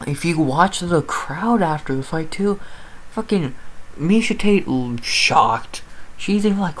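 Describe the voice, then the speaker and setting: A woman with a deep voice vents about a shocking fight, pacing her words slowly as her pitch leaps and drops. Her tone is exasperated and profane, and a faint background noise sits under the recording. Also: sing-song, low-quality recording. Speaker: MMA commentator. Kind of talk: sports recap rant.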